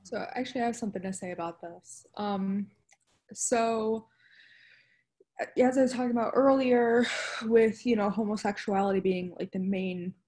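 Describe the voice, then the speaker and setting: A woman's voice: medium pitch, moderate pace, mellow. A young woman on a student podcast, reflectively recounting a personal change of view with frequent fillers. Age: young adult. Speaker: student panelist. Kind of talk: casual podcast discussion.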